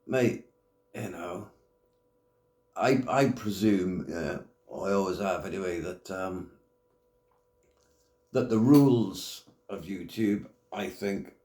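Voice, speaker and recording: A middle-aged man holding forth in a blunt, foul-mouthed rant, his voice sitting fairly low. The sound bounces around an echoey room. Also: takes it slowly, long pauses, warm tone. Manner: blunt, heavy swearing, blokey slang. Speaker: YouTube commentator. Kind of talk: casual rant to camera.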